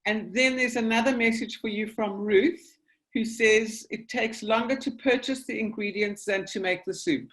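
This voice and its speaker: A woman's voice: on the high side, normal speed, a bit bright. Woman reading out viewer messages. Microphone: video call.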